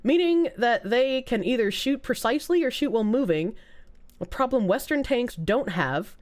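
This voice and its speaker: A woman streamer chatting casually with her viewers. She is sarcastic and quick with banter, and her voice sits fairly high. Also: lively intonation, a little mellow. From United States. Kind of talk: casual chat reacting to viewer comments.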